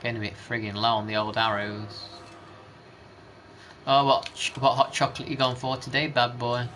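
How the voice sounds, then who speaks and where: A man's voice: mid-range voice, level tone, moderate pace, pushed and bright, poor audio. Rambling man. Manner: rambling, chatty, mild swearing. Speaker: gaming streamer. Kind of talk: casual gameplay commentary. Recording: background noise.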